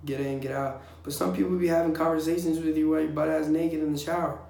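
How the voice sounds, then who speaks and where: A young man casually telling blunt, profane stories in a vlog, animated whenever he quotes other people. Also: on the high side, quick pace, vocal fry. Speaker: vlogger recounting navy boot camp. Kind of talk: casual storytelling. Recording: echoey room.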